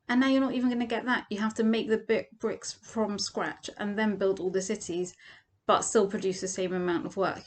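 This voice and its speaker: Woman, Torah teacher, animated storytelling, acts out quotes. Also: mid-range voice. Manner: vivid second-person storytelling with acted quotes.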